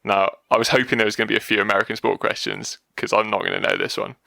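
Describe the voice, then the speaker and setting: A man's voice: on the low side, huge pitch swings, racing, vocal fry, pushed and bright, no echo. A man co-hosting a podcast, reading out quiz questions in casual chat, jokey and laughing often.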